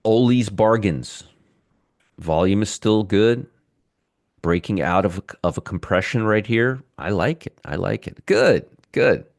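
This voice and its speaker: Low-voiced man talking stocks live. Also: lively intonation, measured pace, vocal fry, dry recording, studio quality. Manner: chatty, reads viewer comments, jokes and teases. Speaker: stock market show host. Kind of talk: live market livestream commentary.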